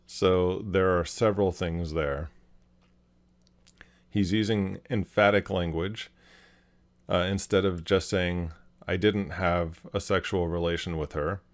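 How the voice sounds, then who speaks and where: A man hosting a video, calmly analyzing a clip and explaining each point step by step. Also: sits low, slow pace, pauses often. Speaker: host, body language analyst.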